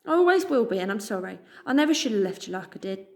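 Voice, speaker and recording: A woman voicing a loyal, kindly male dog with a British accent, gentle and reassuring in manner. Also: mid-range voice, big pitch swings, fast talker. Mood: tender.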